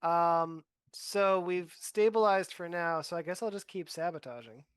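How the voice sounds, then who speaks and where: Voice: mid-range voice, a little slow, smooth, no room sound, clean studio sound. A player in a tabletop game, chatting casually and easily about their moves.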